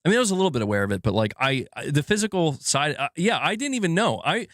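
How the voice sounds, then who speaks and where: A man's voice: a little high, very animated, fast, a bit bright, no room sound, studio quality. Frustrated man ranting on a livestream. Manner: frustrated, swearing, many restarts and fillers. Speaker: gaming channel host. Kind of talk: casual livestream rant.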